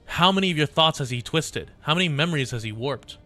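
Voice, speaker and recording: Man reads earnest young girl leader; raised pitch, timid, stammers. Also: expressive, fast talker, bright, forceful tone, soft background music. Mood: pleading.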